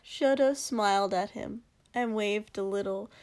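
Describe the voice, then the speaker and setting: A woman narrating a story aloud in a steady, unhurried reading. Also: medium pitch. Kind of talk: reading fan fiction aloud.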